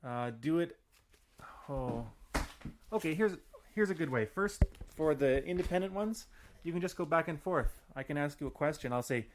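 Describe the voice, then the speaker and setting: A man's voice: fairly high pitch, lively intonation, background noise. Chatty man teaching a language lesson. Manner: loose and chatty, many fillers and restarts, slows to spell out example phrases. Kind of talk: casual audio lesson.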